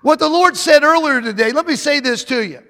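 Man preaching hard, really high gravelly voice, bright, long hall echo. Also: a little fast. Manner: fervent, emphatic preaching with repetitions. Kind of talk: sermon.

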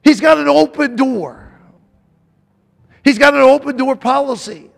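A man's voice: very high-pitched, a little slow, gravelly, big-room sound. A man preaching a sermon, emphatic and repetitive, calling out to the congregation.

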